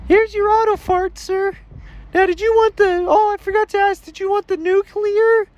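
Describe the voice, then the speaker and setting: A man's voice: extremely high pitch, level tone, normal speed, no echo, lo-fi sound, voice pushed up. A man voicing an eager, overly polite male shop clerk who keeps calling the customer sir.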